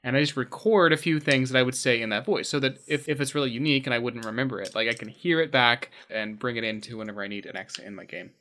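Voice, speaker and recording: Male podcast co-host with a bright, sharp voice; easy, chatty delivery. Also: mid-range voice, quick pace, hardly any pauses, a little hiss or hum. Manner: chatty, laughs easily. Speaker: podcast co-host and game master. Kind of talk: casual podcast chat.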